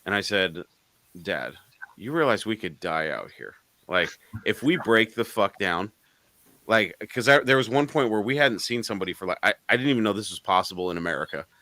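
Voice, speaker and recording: A man's voice: lowish voice, expressive, a little fast, bright, forceful tone, no room sound. A man co-hosting a live car show, telling a story in casual chat, swearing freely and laughing between lines.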